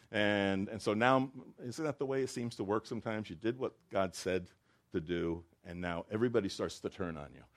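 A man's voice: fairly low pitch, fairly quick. A man preaching a sermon in a conversational way, acting out quotes with rising emotion. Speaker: pastor.

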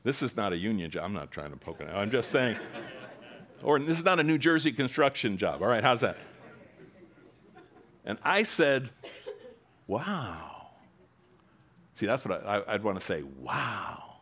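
A man preaching a sermon, reading scripture aloud with bursts of loud emphasis and casual asides to the congregation. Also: on the low side, lively intonation, a little fast. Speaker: pastor.

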